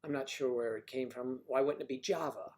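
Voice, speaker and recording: A man hosting a livestream, chatting casually with viewers and joking about their names and hometowns, switching between loud bursts and quiet asides. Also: medium pitch, fairly even intonation, a little fast. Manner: playful, jokey, riffing on viewers' names and places. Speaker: livestream host. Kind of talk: casual chat reading viewer comments.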